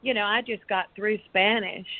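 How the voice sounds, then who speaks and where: A woman's voice: mid-range voice, fairly even intonation, moderate pace. An older woman with a Texas accent, a guest on a talk show, chatting in a rambling way and laughing often. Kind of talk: casual chat on a radio talk show. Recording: tinny phone line.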